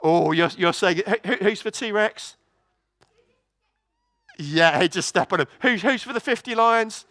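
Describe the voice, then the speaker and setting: Male preacher, high voice, animated storytelling sermon, stumbles and repeats words. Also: measured pace, pauses often, no echo. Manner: lively, storytelling, many restarts and repeated words. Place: church.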